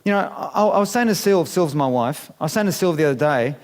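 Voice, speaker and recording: A man's voice: on the high side, lively intonation, a little fast. A man, giving a chatty, playful seminar talk to a live audience in a conference room and asking them questions. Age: 50s. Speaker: business speaker.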